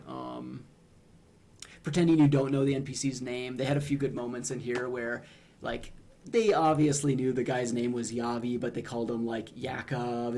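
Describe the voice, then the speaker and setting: Gravelly, hesitant young male streamer. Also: mid-range voice, warm tone. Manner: hesitant, full of ums and restarts. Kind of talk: casual analysis of game humor.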